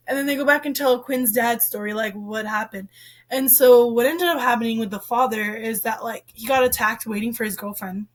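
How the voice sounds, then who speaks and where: A young woman chatting casually about a novel she read, rambling with lots of "like" and "um" and getting worked up at times. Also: fairly high pitch. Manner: rambling, heavy use of "like" and "um"; expressive, gets worked up. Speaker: book reviewer. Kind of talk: casual book review chat.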